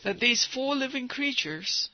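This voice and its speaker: Preacher, male, high voice, playful questioning sermon style, muffled lo-fi sound. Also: lively intonation, a little slow. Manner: teasing questions to the congregation.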